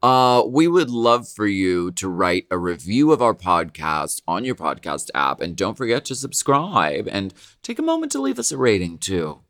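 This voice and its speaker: A man's voice: fairly low pitch, big pitch swings, moderate pace, hardly any pauses, a bit bright, no echo, studio quality. Playful campy male podcast co-host. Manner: playful, campy, laughs often. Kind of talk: casual chat.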